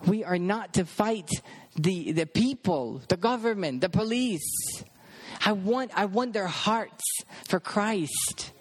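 A man's voice: high voice, takes it slowly, husky. A man telling a personal testimony, acting out the voices of people in the story as he goes. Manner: animated storyteller acting out dialogue. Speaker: ministry worker.

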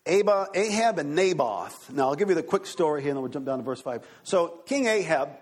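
A preacher man delivering a sermon with lots of energy, his voice sitting fairly high for a man. The tone is husky and a little rough, and he keeps breaking off to check in with the congregation. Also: brisk. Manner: excited, animated preaching with congregation asides. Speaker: pastor.

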